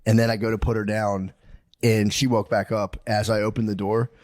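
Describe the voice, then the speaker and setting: Animated, laughing man on a podcast. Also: on the low side, moderate pace. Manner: animated storyteller, acts out his own lines; swears freely, laughs often. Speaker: podcast co-host. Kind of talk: casual comedic chat.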